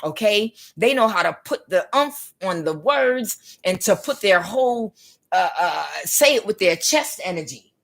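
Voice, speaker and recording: A woman's voice: medium pitch, animated, unhurried, fairly bright tone. A woman giving a live tarot reading, talking in a rambling, repetitive way and speaking straight to her viewers. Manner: rambling and repetitive, many restarts; addresses viewers directly. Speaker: tarot reader.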